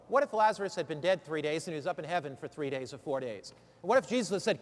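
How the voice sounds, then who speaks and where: A man's voice: high voice, fast talker, long reverb tail. A man teaching lay preachers in an emphatic sermon style, drawing answers from his listeners. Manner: emphatic, calls for answers from the room.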